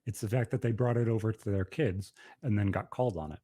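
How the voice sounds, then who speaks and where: A man's voice: lowish voice, fast talker, mellow, no room sound. A man in his thirties telling a personal story on a podcast in a blunt, profane, emphatic way. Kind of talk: casual podcast conversation.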